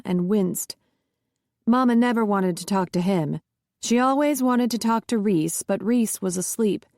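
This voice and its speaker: Woman, audiobook narrator, steady scripted reading, mid pitch, dry studio sound. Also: no echo.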